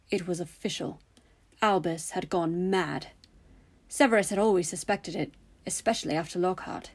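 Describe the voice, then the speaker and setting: A woman narrating a story in a steady, even reading voice. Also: fairly low pitch, breathy edge.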